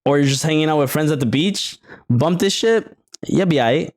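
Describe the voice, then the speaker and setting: A man's voice: fairly high pitch, animated, moderate pace. A man co-hosting a podcast in casual chat, easygoing and swearing casually as he gives advice. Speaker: podcast co-host.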